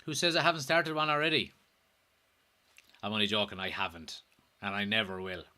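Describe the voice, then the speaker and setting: A man's voice: fairly low pitch, brisk, bright, forceful tone, clear, resonant tone. An Irish man hosting a casual football watchalong livestream, joking, swearing and reading viewer comments aloud. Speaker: host.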